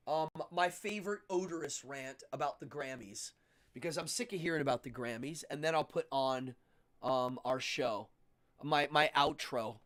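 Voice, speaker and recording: A man hosting a livestream in casual chat, excitable and chatty. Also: a little high, moderate pace. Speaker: livestream host.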